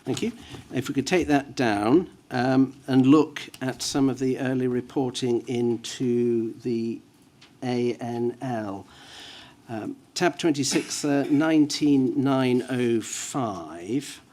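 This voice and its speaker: A man questioning a witness at a formal hearing, measured and careful, reading out references with hesitant fillers. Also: medium pitch, darkish tone. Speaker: inquiry counsel. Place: inquiry hearing room.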